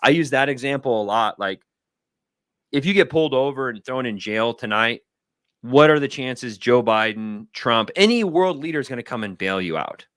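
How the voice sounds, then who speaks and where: A man in his thirties, a guest on a livestream video call, telling stories in an animated, rambling way. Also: mid-range voice, moderate pace, clean tone, no echo, clean studio sound. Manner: animated, rambling storytelling with acted-out quotes. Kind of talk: casual talk on a livestream.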